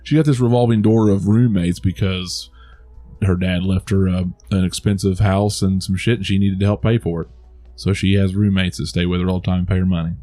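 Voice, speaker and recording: A podcast co-host with a low, steady, warm voice talks briskly over soft background music. He's casually reviewing a movie, rambling, restarting often, and laughing at his own jokes.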